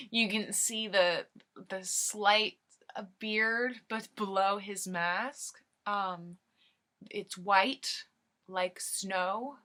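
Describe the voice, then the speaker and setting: Bright, slow, giggly young woman. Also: medium pitch. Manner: rambling, giggly ad-libbing. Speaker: comedy video host. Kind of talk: improvised comic storytelling.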